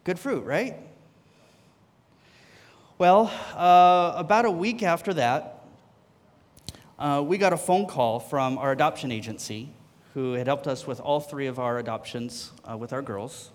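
A man's voice: medium pitch, normal speed, long reverb tail. A man sharing a personal testimony in a church, telling his story and acting out the conversations in it.

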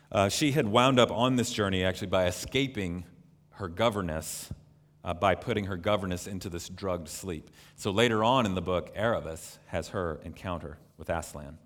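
A man preaching a sermon in an earnest, measured way, reading from a story. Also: low voice, a bit bright. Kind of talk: sermon with read-aloud story. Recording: long reverb in a large hall.

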